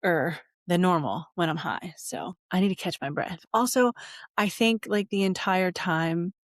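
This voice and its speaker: A woman's voice: fairly low pitch, measured pace, no room sound, clean studio sound. Giggly rambling woman podcast host. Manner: giggly, rambling, repeats herself. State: high. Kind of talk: casual chat.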